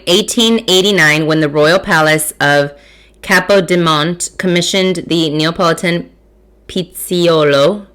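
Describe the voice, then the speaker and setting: This podcast host, a Mission, Texas woman in her thirties, eats and samples as she talks through her casual food and wine show, chatty, self-deprecating and cursing without restraint. Her voice sits on the low side and is a bit bright.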